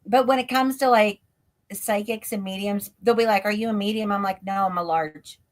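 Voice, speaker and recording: A woman talks over a live stream call, middle-pitched and chatty. She tells stories casually, leaning on "like" and laughing often as she goes. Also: moderate pace. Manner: chatty, leans on filler "like". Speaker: guest, ghost tour guide. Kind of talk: casual storytelling in an interview. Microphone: remote live stream call.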